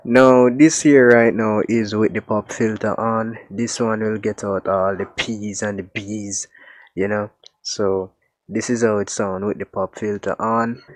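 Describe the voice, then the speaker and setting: This male tech vlogger hosts a laid-back unboxing, unhurried and fairly even in intonation, his voice on the lower side. His speech is loose and peppered with repeated "actually" and "like." A USB desktop mic sits near his mouth, recording raw, unedited sound with faint background music.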